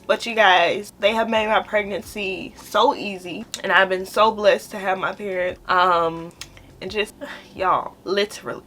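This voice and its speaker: A woman's voice: mid-range voice, steady tone, a little slow, fairly bright tone. A young woman vlogger chatting to camera in a heartfelt, rambling way, talking straight to her viewers. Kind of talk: casual chat to camera.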